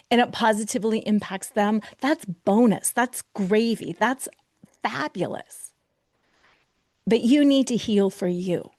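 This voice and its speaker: Woman, podcast host, coach, animated, mid-pitched, dry close mic, acts out inner voices, whispers for emphasis. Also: dry recording. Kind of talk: solo podcast talk.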